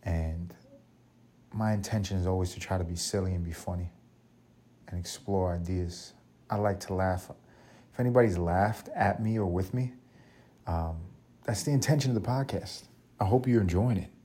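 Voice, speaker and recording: Low dark-voiced dude hosting a podcast, rambling and swearing, jokey. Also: male voice, moderate pace, pauses often, breathy edge. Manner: rambling, profane, jokey storytelling. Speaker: podcast host. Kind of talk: casual solo podcast monologue.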